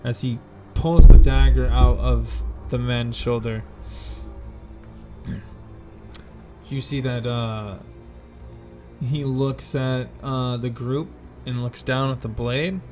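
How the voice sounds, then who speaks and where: A man runs a tabletop game, narrating each scene in unhurried, deliberate detail at a middle pitch. He pauses often and corrects himself as he goes, with faint music playing behind him. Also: fairly even intonation, dark tone. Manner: slow, descriptive, with fillers and self-corrections. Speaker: game master.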